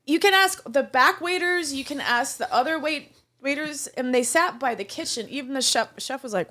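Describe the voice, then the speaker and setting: Woman co-host, slightly high voice that swings widely; chatty storyteller who trips on words. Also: normal speed. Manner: animated storyteller, stumbles over words. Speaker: podcast co-host; restaurant server. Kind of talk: casual chat, storytelling.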